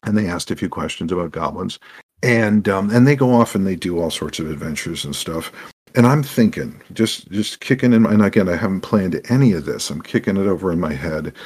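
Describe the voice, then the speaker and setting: Deep-voiced guy, kinda husky, chatting about running rpgs, acts out his players. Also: fairly quick. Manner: animated, acts out quoted players. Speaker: podcast guest, game master. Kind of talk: anecdotal interview storytelling.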